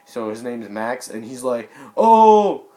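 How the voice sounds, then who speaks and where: A young man casually recapping a movie he just saw, rambling with lots of fillers, restarts and quick apologetic asides. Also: medium pitch, flat delivery. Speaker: movie reviewer.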